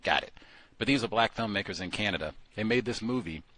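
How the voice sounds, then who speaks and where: Animated, lively-voiced male talk host. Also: fast. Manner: animated, joking, swings between loud exclamations and low mutters. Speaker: call-in show host. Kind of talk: casual monologue.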